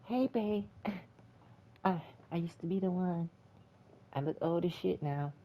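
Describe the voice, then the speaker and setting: A man's voice: sits high, slow, pitched above the performer's own voice. A man mocking an aging male action hero as weak and sheepish, in a lo-fi home recording. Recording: dull lo-fi with faint hiss.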